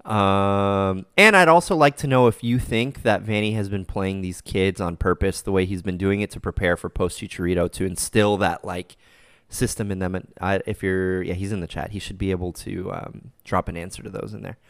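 A man hosting a casual soccer fan podcast, relaxed and rambling, with lots of fillers and easy laughs. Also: low-pitched, moderate pace, clear, resonant tone, no room sound, studio quality. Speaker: podcast host.

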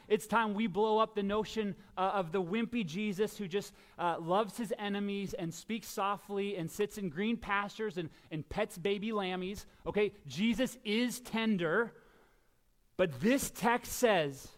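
A middle-aged man preaching a sermon as pastor, swinging between quiet asides and loud, emphatic shouts. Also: high-pitched, a little slow.

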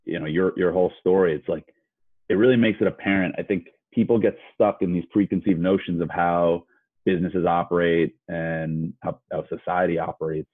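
A male host with a very deep voice rambles through his thoughts, often repeating words as he goes. He sounds tinny, as if heard over a phone line. The sound is dry, with no echo. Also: fairly even intonation, moderate pace. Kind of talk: casual interview chat.

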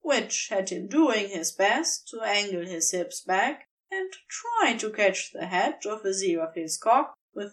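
Brief: female audiobook-style narrator, unhurried and animated in pitch. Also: far from the mic. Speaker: podfic reader. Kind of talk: scripted narration.

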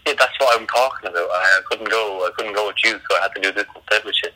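A man's voice: on the low side, racing, pushed and bright, low-quality recording. A man speaking as a guest, laid-back and teasing an old schoolmate.

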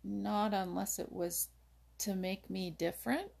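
A woman's voice: mid-range voice, steady tone, a little slow, darkish tone. A woman reading a storybook voices Jumper, a timid and shy male hare who answers hesitantly. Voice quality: husky.

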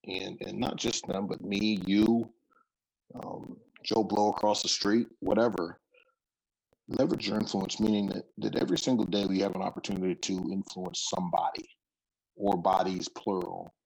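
A man's voice: low-pitched, creaky, breathy edge, poor audio. A middle-aged man, a football coach, telling stories in a casual interview, rambling and restarting his sentences. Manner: relaxed, rambling with frequent restarts.

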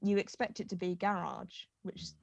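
A woman's voice: mid-range voice, steady tone, normal speed, vocal fry, darkish tone, no room sound, dull audio. A woman in casual podcast banter, telling stories bluntly with some swearing. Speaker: podcast co-host.

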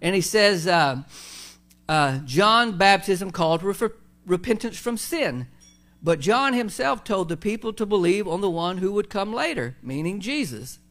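A pastor preaching a conversational sermon, full of fillers, restarts and asides to the congregation. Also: male voice, high voice, expressive, a little slow, a bit bright.

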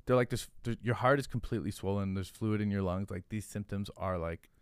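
A man's voice: on the low side, a little fast, smooth, no room sound, clean studio sound. A man, a podcast guest, telling a rambling, profane story in casual chat, full of "like". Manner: profane, rambling, heavy use of "like". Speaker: podcast guest, hot sauce founder.

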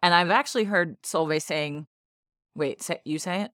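Host: millennial woman, low voice, chatty and upbeat, dry close mic. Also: normal speed, a bit bright, no echo. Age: 30s. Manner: chatty and upbeat, laughs easily, lots of "like". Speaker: podcast co-host. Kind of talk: casual podcast chat.

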